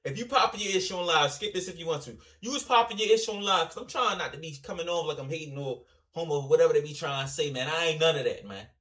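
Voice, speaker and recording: A man hosting a reaction video, talking casually and rambling in a slangy, animated way, often addressing his viewers directly. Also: on the high side, quick pace.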